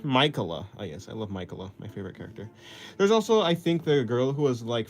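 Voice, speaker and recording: A man's voice: mid-range voice, very animated, quick pace. Rambling young man chatting while drawing. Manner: rambling, self-deprecating, laughs often. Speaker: artist streaming while drawing. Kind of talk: casual chat reading viewer comments. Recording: faint music in the background.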